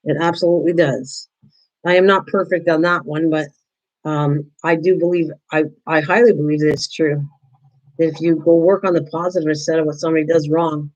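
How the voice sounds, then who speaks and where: A woman's voice: low-pitched, steady tone, brisk, darkish tone, highs cut off. An older woman hosting a craft livestream, chatting casually with viewers while she works and often restarting her sentences. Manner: chatty, answers viewers by name, frequent restarts.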